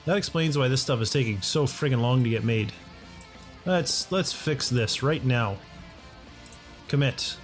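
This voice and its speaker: Man, let's play commentator, mid-pitched, chatty and self-talking, faint music underneath. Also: unhurried, pauses often. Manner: chatty, talks to himself and his game characters. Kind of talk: casual gameplay commentary. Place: home condo.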